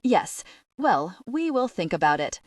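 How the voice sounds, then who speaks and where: A woman voicing a pompous, rich foreign-accented man who speaks slowly and heavily. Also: mid-range voice, big pitch swings, dry recording, studio quality.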